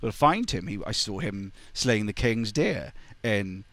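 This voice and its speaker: A man's voice: fairly low pitch, lively intonation, measured pace, fairly bright tone, no room sound. A man voicing a scheming male outlaw in a casual retelling, plain and barely acted. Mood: persuasive.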